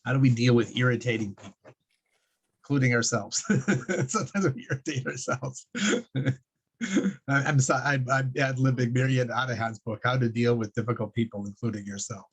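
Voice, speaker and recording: A man of middling pitch leads a relaxed religious class. He meanders through his points, stumbling over words and laughing at his own asides, with a conversational looseness. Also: moderate pace, pauses often, breathy edge. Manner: rambling, with many fillers, restarts and chuckles. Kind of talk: casual religious lecture.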